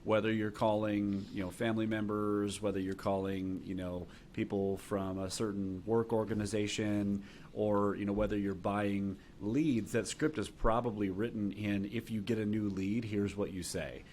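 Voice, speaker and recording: A man hosting a podcast, speaking in a relaxed, conversational way about sales approaches. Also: lowish voice, moderate pace, slight background noise.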